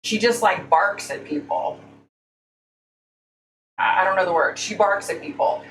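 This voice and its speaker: A woman's voice: mid-range voice, a little slow, a bit bright. A woman hosting a casual livestream, talking bluntly and speaking her mind. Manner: blunt, opinionated, says "y'all". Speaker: livestream host. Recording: echoey room, faint hum, mic at a distance.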